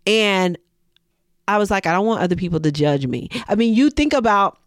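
A woman's voice: mid-range voice, normal speed, dry recording, clean studio sound. A middle-aged woman, a business owner, tells a personal story in a monologue and acts out the dialogue. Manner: expressive, acts out quoted dialogue.

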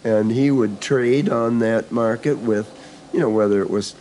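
An older store owner and organic farmer tells loose, conversational stories about his building from the back room of a country store, constantly restarting and going off on asides. His medium-pitched voice is dark and measured, with a faint hiss or hum.

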